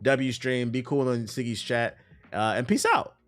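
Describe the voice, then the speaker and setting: A man streaming live, giving casual, profane, animated commentary on news, his voice a bit tired. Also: medium pitch, unhurried, soft background music.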